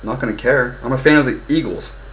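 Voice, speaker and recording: A young man ranting casually about football, heated and profane, swinging between loud outbursts and low muttering. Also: fast, a little hiss or hum, rough recording. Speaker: fan vlogger. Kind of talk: casual sports rant.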